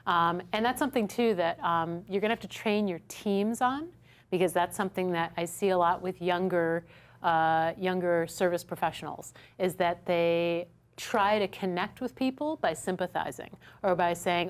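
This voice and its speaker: In a studio classroom, a woman instructor leads a workshop lesson for a small audience, acting out customer dialogues along the way and repeatedly asking "right?". Her voice is lowish and steady, at a moderate pace.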